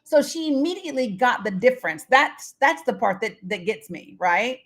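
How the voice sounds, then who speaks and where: A woman's voice: fairly high pitch, animated, moderate pace. Chatty woman hosting a live stream. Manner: chatty, talks straight to viewers by name; blunt, swears casually. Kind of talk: casual live stream chat.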